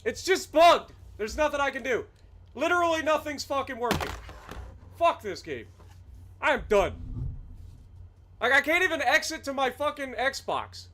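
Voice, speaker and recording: A man's voice: very high-pitched, sing-song, moderate pace, pauses often, bright, forceful tone. A man streaming a flight game live, ranting angrily and profanely at the game. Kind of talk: live gameplay commentary.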